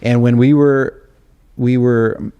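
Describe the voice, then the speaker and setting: A man's voice: mid-range voice, fairly even intonation, slow pace, clear, resonant tone, dull audio. Laughing, rambling middle-aged man. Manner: rambling, self-deprecating, laughing storyteller. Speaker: interview guest, songwriter and author. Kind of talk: live onstage conversation. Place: stage before a live audience.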